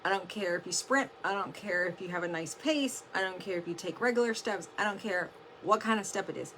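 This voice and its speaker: A woman speaks briskly in a mid-range, fairly bright voice, casually motivating her team on a livestream with plenty of "like" and the odd swear word. Some slight background noise comes through the close-up camera mic, which she adjusts during the stream.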